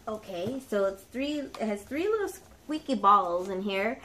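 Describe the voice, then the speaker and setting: A young woman casually chatting as she unboxes a dog subscription box, excitable and gushing, stopping to talk to her dogs. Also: mid-range voice, measured pace, a little hiss or hum. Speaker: dog channel vlogger.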